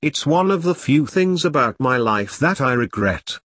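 Narrator guy doing a tired wry ex-army man, kinda halting, dry close mic. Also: medium pitch, lively intonation, a bit bright, slightly rough, no room sound. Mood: hesitant. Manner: wry, hesitant. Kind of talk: audiobook character reading.

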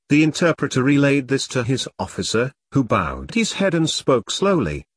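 Man, audiobook narration, steady measured reading, middle pitch, dry close recording. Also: breathy edge, dry recording. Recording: dry close studio sound.

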